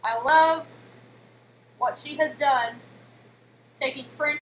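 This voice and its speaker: Woman, 30s, home cook streaming live, chatty, crisp bright tone, a touch high. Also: slow pace, slight background noise, poor audio. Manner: chatty, talks to her chat while cooking. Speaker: cooking streamer. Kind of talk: casual live-stream cooking demo. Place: home kitchen.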